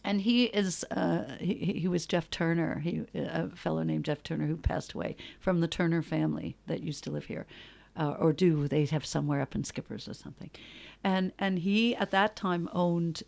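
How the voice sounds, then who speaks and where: A middle-aged woman from New York with a New York accent, chatting casually as a guest and telling a story in an animated way, laughing and acting out what others said. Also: fairly low pitch, normal speed, creaky. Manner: animated, laughing, acts out quotes in voices.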